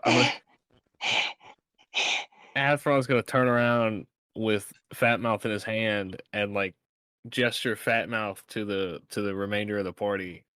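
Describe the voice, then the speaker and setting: A man's voice: on the low side, fairly even intonation, unhurried, a bit bright, clear, resonant tone, dry recording. A man playing a tabletop game, hesitant and laughing, swearing as he describes his character. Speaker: player.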